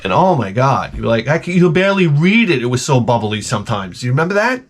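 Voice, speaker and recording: A man's voice: mid-range voice, big pitch swings, fast. A male vlog host rambling through a comedic rant, crude and heavy on profanity. His delivery is jokey and exaggerated, and he jumps from one tangent to the next. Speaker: YouTube host.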